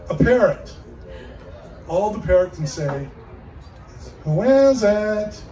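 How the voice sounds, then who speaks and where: A man's voice: high voice, expressive, very slow, pauses often, warm tone. A man telling old corny jokes as a comedian, chuckling at his own punchlines. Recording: echoey room from far off, faint background noise.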